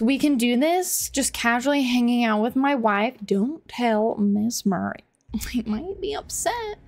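A woman game streamer chatting casually with her viewers while she plays, laughing often and reacting loudly to the game. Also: fairly high pitch. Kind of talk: casual live-stream chat while gaming.

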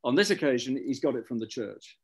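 A man co-hosting a live online book discussion over a video call, talking in a measured, lecturing way and building his points as lists. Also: medium pitch, expressive, darkish tone. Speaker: co-host.

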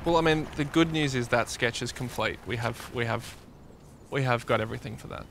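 A comedian trying to calm a friend down, placating and soothing. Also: male voice, mid-range voice, a little fast, gravelly, a little hiss or hum. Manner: placating, calming.

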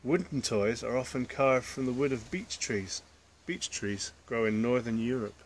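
A man's voice: mid-range voice, moderate pace, slight background noise. A man reading a children's picture book aloud, adding chatty asides to the listeners. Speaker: storyteller.

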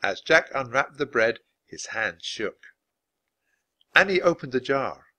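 Male storyteller for a children's book read-aloud, bright and lively, expressive delivery. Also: medium pitch, measured pace. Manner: expressive, animated narration. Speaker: dad reading aloud.

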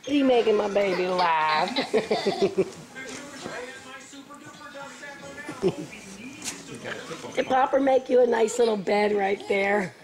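A woman's voice: on the high side, very slow, long pauses, crowd noise. A mother talking baby talk to her infant son at home, coaxing him with sing-song, repetitive prompts.

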